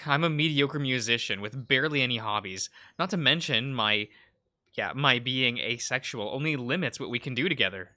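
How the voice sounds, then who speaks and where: A man's voice: medium pitch, moderate pace, bright, forceful tone. A man voicing an insecure young male med student in a visual novel read-aloud, hesitant and self-doubting. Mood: doubtful.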